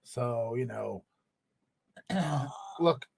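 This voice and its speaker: A man's voice: medium pitch, extremely slow, vocal fry, slightly rough, no echo. A man hosting a podcast, telling a story in a profane, joking way. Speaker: podcast host. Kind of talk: casual chat.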